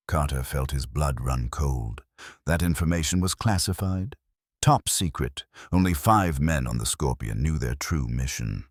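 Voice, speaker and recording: A man narrating a scripted horror story in a grave, measured way. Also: extremely low pitch, animated, no room sound, clean studio sound.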